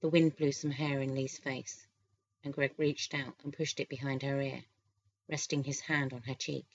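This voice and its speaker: A woman narrating a romance novel in a calm, steady reading voice. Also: rumbling low, normal speed. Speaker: audiobook narrator. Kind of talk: scripted narration. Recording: slightly dull lo-fi recording.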